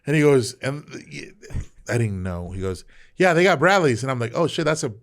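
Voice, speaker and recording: A man's voice: medium pitch, a little fast, creaky. Profane, storytelling Texan veteran man. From South Texas, Rio Grande Valley. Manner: animated, profane, laughs through his stories. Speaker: guest, veteran. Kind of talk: casual storytelling.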